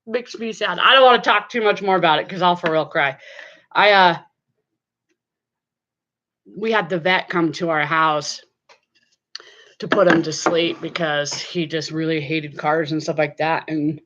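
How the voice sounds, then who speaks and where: Woman, middle-aged, low voice, rambling casual chat, slightly dull recording. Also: measured pace, long pauses, fairly bright tone, slight background noise. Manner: chatty, rambling, many fillers. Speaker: vlogger. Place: at home.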